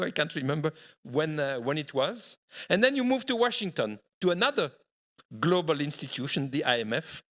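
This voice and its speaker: A middle-aged man moderates a conference panel. His voice sits a touch high, and he speaks in a measured way, stopping on fillers as he goes. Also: fairly bright tone. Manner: measured, pausing with fillers mid-sentence. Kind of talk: introducing a panel guest.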